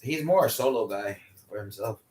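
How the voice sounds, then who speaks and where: A man's voice: medium pitch, animated, moderate pace, a little mellow. A man in a casual late-night chat, laid-back, asking questions and hedging with "like". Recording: echoey room, mic far off.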